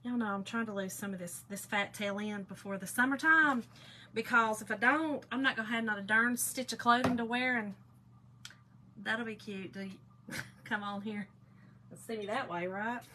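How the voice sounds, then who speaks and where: A woman's voice: on the high side, moderate pace, sharp tone, a little hiss or hum. A middle-aged woman with a Southern Georgia accent, chatting casually with viewers on a craft livestream and greeting them by name. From Kentucky, raised in Georgia.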